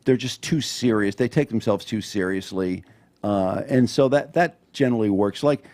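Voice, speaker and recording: A man appearing as a guest on a podcast, talking in casual chat about writing comedy, measured and reflective with frequent ums. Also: fairly low pitch, a little mellow.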